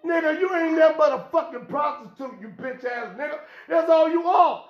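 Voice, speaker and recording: A podcast host speaks at a normal pace in a very high-pitched male voice, ranting off the cuff in blunt, profane street talk as if lecturing. The sound is dull and the room echoes.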